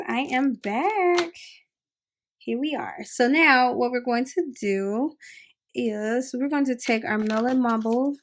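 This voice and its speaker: A woman's voice: a little high, a little hiss or hum. A woman hosting a crafting tutorial, chatting upbeat and casual while she works with her hands. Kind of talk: casual how-to demonstration.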